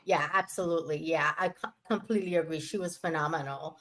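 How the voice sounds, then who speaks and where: A woman's voice: low-pitched, steady tone, fast, a bit bright. Enthusiastic woman podcast host. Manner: enthusiastic, gushing, many fillers. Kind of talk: casual podcast chat.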